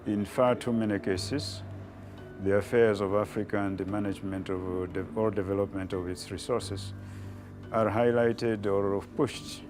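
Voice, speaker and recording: Deep-voiced man speaking earnestly. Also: steady tone, normal speed, darkish tone, faint music behind. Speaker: interviewee. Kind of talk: documentary interview.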